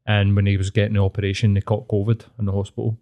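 A man's voice: on the low side, flat delivery, very fast, dark tone. A man with a Glaswegian Scottish accent, co-hosting a podcast in crude, laid-back casual chat full of swearing. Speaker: podcast co-host.

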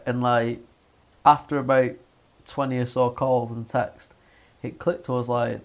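A man's voice: mid-range voice, a little slow. Sweary young guy telling a story. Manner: sweary, animated, acts out voices in his stories. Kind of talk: casual storytelling chat.

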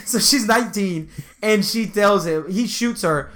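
A man's voice: high-pitched, a little slow, a little hiss or hum. Laughing, swearing young man spinning a story. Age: 20s. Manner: animated, laughs through his stories, swears freely. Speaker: podcast co-host. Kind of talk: casual storytelling chat.

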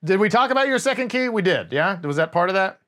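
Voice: medium pitch, expressive, fast talker, a bit bright. A podcast co-host in casual film review chat, agreeing and adding sarcastic, profane jabs, sometimes losing the thread mid-thought.

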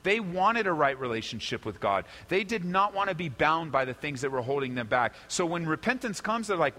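A middle-aged man preaching a sermon as pastor, emphatic and lively, acting out quoted apologies. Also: fairly high pitch, normal speed, in a large hall.

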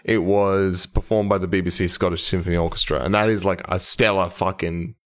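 A deep-voiced man co-hosts a podcast, chatting casually at a slightly quick clip with fairly even intonation. His talk rambles and hedges, with the occasional swear word.

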